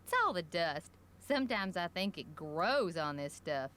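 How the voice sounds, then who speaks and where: A woman's voice: lowish voice, very animated, unhurried, fairly bright tone. An actress voicing a gossipy small-town shopkeeper woman in a video game, talking in a folksy rural drawl full of colorful slang. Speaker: general store owner.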